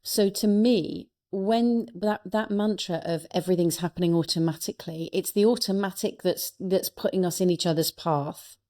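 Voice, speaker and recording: A middle-aged woman guest on a podcast, telling a personal story with earnest warmth and frequent restarts. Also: medium pitch, steady tone, measured pace, hardly any pauses. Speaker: guest, speaker and coach. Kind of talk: reflective storytelling in a podcast interview.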